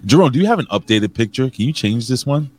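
A man co-hosting a casual podcast, joking loudly and giving shout-outs to viewers in the chat. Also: medium pitch, expressive, fast. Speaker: co-host.

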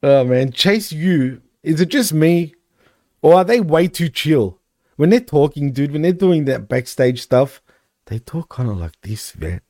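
A man on a wrestling podcast with a mellow, slightly high voice. He is blunt and easily exasperated, laughing as he talks. The sound is dry and close. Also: animated, measured pace, no echo. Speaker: podcast co-host. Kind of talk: casual wrestling chat.

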